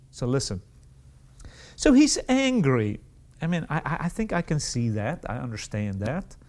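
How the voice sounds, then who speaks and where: A man preaching a sermon, with repeated words and restarted phrases, and sudden rises in pitch. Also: a little mellow.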